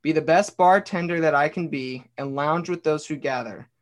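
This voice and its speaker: A man's voice: fairly high pitch, moderate pace. A man, a former pastor turned bartender, earnestly telling a personal story in a casual podcast conversation, swearing now and then and saying "dude" and "like". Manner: earnest storytelling, reading aloud his own journal.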